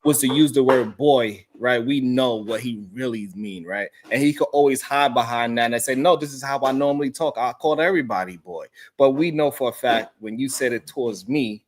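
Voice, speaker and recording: A man's voice: mid-range voice, normal speed, few pauses. A man co-hosting a casual livestream, reading viewer messages aloud and reacting to them emphatically. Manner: animated, reads super chats aloud with emphatic reactions. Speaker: co-host.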